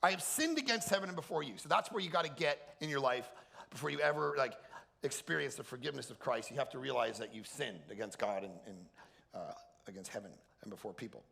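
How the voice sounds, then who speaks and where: A middle-aged man, a pastor, giving an energetic, joking sermon and acting out funny quotes in a higher voice. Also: a little fast, creaky. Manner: animated, jokey storyteller acting out quotes in a high voice. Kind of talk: energetic comic preaching. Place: large hall at a camp.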